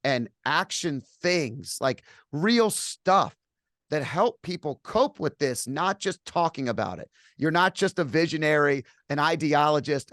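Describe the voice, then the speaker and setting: A man's voice: a little high, fairly bright tone, dry recording, clean studio sound. A man hosting an interview over a video call, talking enthusiastically and casually, with frequent restarts. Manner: enthusiastic, praising, many restarts. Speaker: podcast host.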